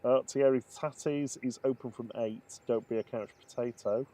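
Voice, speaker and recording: A man's voice: mid-range voice, fairly even intonation, moderate pace, warm tone. A man co-hosting a live stream in casual commentary, chatty and laughing often as he greets viewers.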